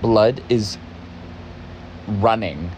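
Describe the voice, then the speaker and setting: A man's voice: fairly low pitch, very slow, noisy background. Agitated, cursing young man. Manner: agitated, profane, emphatic. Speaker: podcast host, former barista. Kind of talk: casual storytelling.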